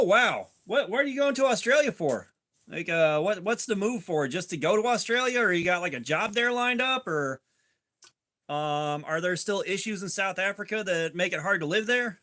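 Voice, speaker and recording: High-pitched guy rambling on a livestream, says like a lot, swears some, shouts out chat viewers. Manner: loose and rambling, heavy on "like", swears freely; greets chat viewers by name. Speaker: livestream host.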